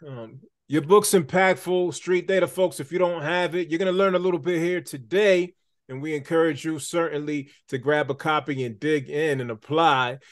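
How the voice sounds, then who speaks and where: A man's voice: fairly high pitch, normal speed, no echo, clean studio sound. A man hosting an interview podcast, upbeat and playful, talking straight to his listeners. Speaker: podcast host. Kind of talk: conversational interview.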